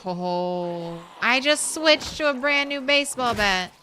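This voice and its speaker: A woman's voice: a little high, lively intonation, slow pace, background noise. A woman streamer chatting casually while she plays, thinking aloud and laughing easily. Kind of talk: casual gameplay commentary.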